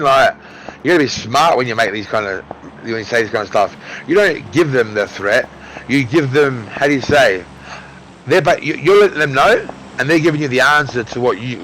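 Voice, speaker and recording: Aussie guy in his 30s yelling a story over game chat, loud and worked up, lots of swearing. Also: mid-range voice, a little fast, slight background noise. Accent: Australian. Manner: loud, excitable, heavy swearing. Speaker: gamer on voice chat. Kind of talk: casual chat telling a story mid-game.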